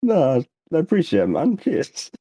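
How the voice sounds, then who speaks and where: A man's voice: fairly high pitch, huge pitch swings, moderate pace, dark tone, breathy edge, no room sound. A man playing a tabletop game, joking around in a casual chat. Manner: jokey, playful in-character asides. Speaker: player.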